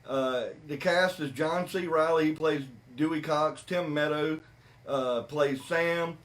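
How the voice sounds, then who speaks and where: A man hosting a podcast, chatting casually about a movie with animated, repetitive emphasis. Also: a little high, takes it slowly. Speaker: podcast host. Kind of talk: casual movie review chat.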